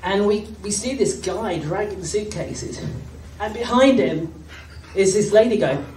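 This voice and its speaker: On stage in a hall at a fan festival, a British woman tells a self-mocking comic story, laughing as she goes. Her medium-pitched voice is expressive and unhurried. The recording sounds distant and echoey, with a loud crowd and background noise.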